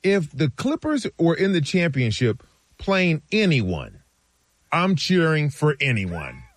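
Animated male sports talk co-host, dry studio. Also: fairly high pitch, slow pace, no echo. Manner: animated storytelling, acts out friends' lines.

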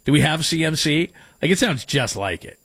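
A man hosting a daily sports talk show, rambling and joking as he reads listener texts, with a light, fairly high voice. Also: lively intonation, a little fast, gravelly, fairly bright tone, husky, no room sound. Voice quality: light, higher voice. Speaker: sports radio host.

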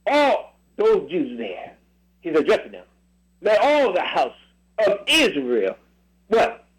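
A man preaching on a radio broadcast, reading scripture aloud and pressing a helper with repeated questions, in drawn-out, emphatic phrases. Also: sits high, huge pitch swings, slightly rough, low-quality recording. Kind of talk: call-and-response Bible reading sermon.

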